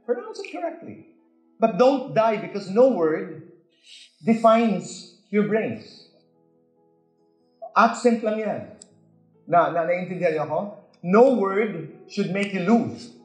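Filipino guy coaching public speaking, kinda high voice, super emphatic, echoey cinema room. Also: slow, pauses often, soft background music. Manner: emphatic, animated, acts out sample answers. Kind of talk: coaching talk mixing English and Tagalog. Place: cinema hall. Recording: roomy echo of a cinema hall.

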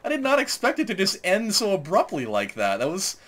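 A man's voice: sits high, huge pitch swings, brisk, fairly bright tone. A man hosting a let's play, telling rambling stories over gameplay and laughing often. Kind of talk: casual gameplay commentary.

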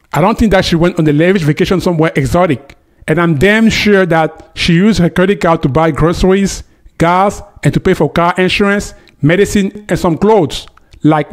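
A man hosting a commentary video, talking straight to the viewer with emphasis. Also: sits high. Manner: emphatic, addresses viewer directly. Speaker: host. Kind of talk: commentary monologue.

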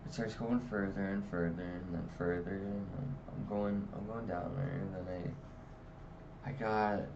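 A man rambles through a raunchy story, swearing freely and jumping into loud, high acted-out quotes. He sits a little off the mic, and the recording sounds dull and lo-fi under a faint hiss. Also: a little slow, creaky, recorded from a distance. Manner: rambling, profane, animated, acts out quotes with loud pitch jumps. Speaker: comedy storyteller. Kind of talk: casual storytelling monologue.

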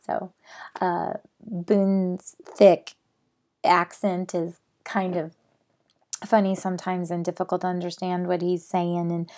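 A woman's voice: on the low side, little pitch movement, slow pace. A middle-aged woman reading a children's novel aloud, then chatting about the chapter. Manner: gentle, plain reading, chatty afterward. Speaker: storybook reader.

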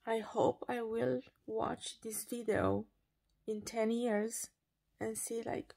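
Slow-talking woman in her thirties. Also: on the high side, flat delivery, vocal fry, no room sound. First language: Romanian. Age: 30s. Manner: loud, emphatic and frank. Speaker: vlogger and radio presenter. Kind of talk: casual personal vlog.

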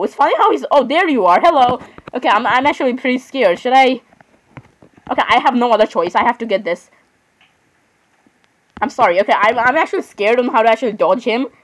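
A woman's voice: a little high, low-quality recording. A woman giving casual let's-play commentary on a horror game. She is chatty, giggles often, apologizes a lot and talks to the game characters. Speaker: gamer playing a horror game.

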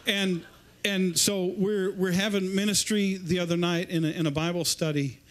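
Guy preaching in church, high voice, rambly, keeps restarting his sentences. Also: level tone, moderate pace. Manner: rambling, repeats and restarts words. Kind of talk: informal sermon. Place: church service.

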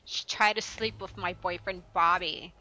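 A woman's voice: lowish voice, steady tone, moderate pace, bright, forceful tone, poor audio. A woman voicing an imagined sulky teenage daughter who whines at her mother.

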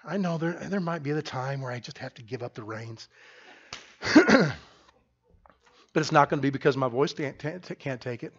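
A middle-aged man, the pastor, preaching a sermon loudly and emphatically, often restarting his sentences. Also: mid-range voice, normal speed, pauses often, breathy edge, lo-fi sound. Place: church sanctuary.

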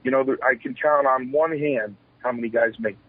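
A man's voice: medium pitch, brisk, breathy edge, dry recording. A man in his forties, a retired pro wrestler, telling candid stories in an interview. He speaks with animation, acts out old exchanges, and often restarts his sentences. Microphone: telephone. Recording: tinny phone line.

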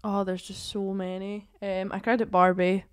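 A woman's voice: mid-range voice, little pitch movement, moderate pace, smooth, no echo, clean studio sound. A woman chatting on a podcast, hesitant and apologetic with lots of ums. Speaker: podcast guest. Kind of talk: casual chat.

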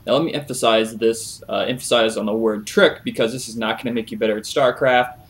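A man's voice: mid-range voice, brisk. Casual young man explaining a game trick. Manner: relaxed, many "uh" fillers, chuckles. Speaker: gaming video creator. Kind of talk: casual game tutorial over a replay.

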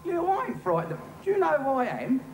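A man's voice: very high voice, wildly swooping pitch, reverberant, slight background noise, exaggerated voice. An actor playing a cheeky, insolent delivery man in a studio sitcom with audience laughter. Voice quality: cocky, quick-witted banter. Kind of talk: 1980s studio sitcom acting.

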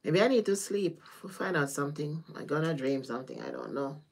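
A woman with a Caribbean accent gives a loose, chatty tarot reading on a livestream. Her voice sits a little low, and she drifts between thoughts and laughs often. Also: wildly swooping pitch, brisk, creaky, breathy edge. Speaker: tarot reader.

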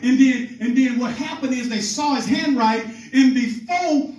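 A man with a very high speaking voice preaches in a loose, informal way, calling out to his congregation and retelling scripture in everyday words. The sound is roomy and echoing, and he is heard from a distance. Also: moderate pace, a little mellow. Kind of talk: teaching sermon. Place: meeting room with a congregation. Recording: echoey room, voice from far off.

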